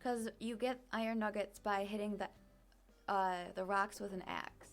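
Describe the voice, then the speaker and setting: A woman's voice: mid-range voice, steady tone, unhurried, faint music behind. A young woman casually commenting on her gameplay, chatty and self-deprecating with many fillers, at a desk microphone. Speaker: streamer.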